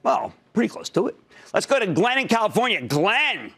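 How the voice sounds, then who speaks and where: An older man hosting a market show in an emphatic, punchy way. His pitch swings widely, jumping from loud peaks to low asides, and sits fairly high for a man. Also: big pitch swings, moderate pace, creaky, slightly rough. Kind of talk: animated stock market commentary.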